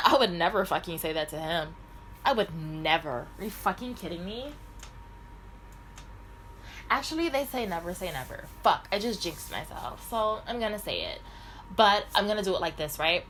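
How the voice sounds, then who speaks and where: A woman's voice: on the low side, animated, moderate pace, a bit bright, a little hiss or hum, low-quality recording. A middle-aged woman telling a rambling, profanity-heavy personal story in a casual vlog. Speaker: vlogger.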